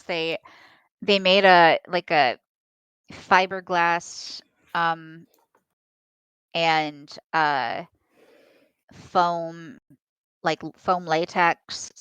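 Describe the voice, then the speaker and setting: Slow, smooth-voiced woman podcaster. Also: on the low side, a bit bright, dry recording. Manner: measured, thoughtful, hesitant with fillers. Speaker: podcast co-host. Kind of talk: casual film discussion.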